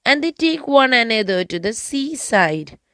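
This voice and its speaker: A woman's voice: a little high, sing-song, measured pace, sharp tone, clean tone, no room sound, clean studio sound, voice pushed up, exaggerated voice. A woman voicing a pushy, wheedling female toy monkey who begs and pleads in a storybook.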